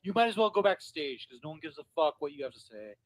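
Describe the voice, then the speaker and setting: High-voiced man, aggressive and insulting. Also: big pitch swings, fast talker. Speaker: panel guest. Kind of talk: heated live-stream argument.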